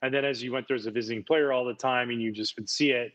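Man, casual storyteller, enthusiastic, repeats words, medium pitch, slightly dull recording. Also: fairly even intonation, quick pace, few pauses, a bit bright. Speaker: former baseball player, guest.

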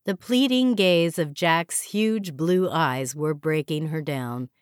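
A woman narrating an audiobook in a measured, even way. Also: low voice, smooth, no room sound, studio quality. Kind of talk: scripted narration.

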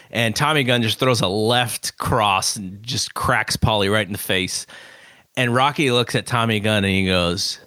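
A man's voice: on the low side, moderate pace, pushed and bright, dry recording, studio quality. A man co-hosting a film review podcast, animatedly retelling scenes and acting out quotes. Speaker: podcast co-host. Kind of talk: casual film review chat.

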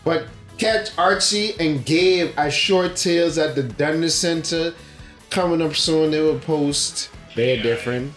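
A man co-hosting a casual podcast, relaxed and rambling, with laid-back slang. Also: on the high side, a little slow, faint music behind. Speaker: podcast co-host. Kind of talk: casual chat.

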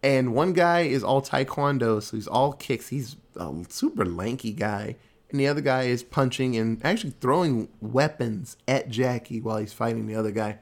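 A man casually recapping a movie plot in a loose, animated way, with lots of fillers and some swearing. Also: medium pitch, moderate pace.

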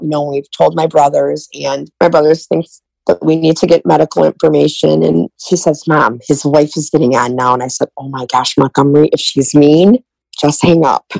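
A woman's voice: sits low, creaky, darkish tone, dry recording, poor audio. A middle-aged woman telling her family story in an interview, retelling conversations in quoted dialogue. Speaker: guest.

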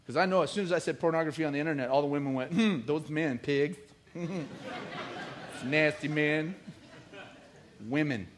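Middle-aged man, pastor delivering a lively sermon; fairly high voice, jokes, builds to loud bursts. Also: moderate pace, pauses often, a little hiss or hum. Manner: animated, joking preacher with rising emphatic bursts.

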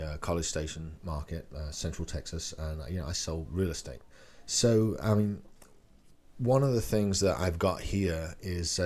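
A man's voice: low-pitched, darkish tone. A man, a real estate agent, giving a casual talk that teaches phone sales and acts out short call lines. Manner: conversational, loose, role-plays phone lines.

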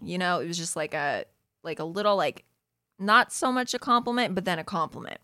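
A woman's voice: medium pitch, animated, fairly quick, fairly bright tone, no room sound. Chatty young woman, dry close sound. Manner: chatty, frequent "like", swears freely, laughs often. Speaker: podcast host recapping a reality show. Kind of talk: casual chat.

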